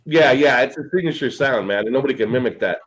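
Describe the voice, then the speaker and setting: A man's voice: mid-range voice, quick pace, low-quality recording. A man from California's Central Valley, co-hosting a podcast, chatting in a rambling, crude and jokey way. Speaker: co-host. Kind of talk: casual podcast chat.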